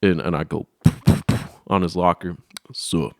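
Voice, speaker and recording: A man's voice: sits low, level tone, slow, gravelly, no room sound, clean studio sound. Rambling, profane young man telling stories. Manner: rambling, profane, acts out voices in his stories. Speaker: podcast host. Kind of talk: casual storytelling chat.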